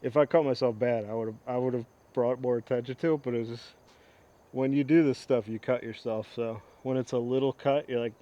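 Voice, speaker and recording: A man's voice: medium pitch, fairly even intonation, fairly quick, warm tone, highs cut off. A man hosting an axe restoration vlog, talking casually in a rambling, enthusiastic way with frequent asides. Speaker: host of an axe restoration channel. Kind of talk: casual show-and-tell vlog.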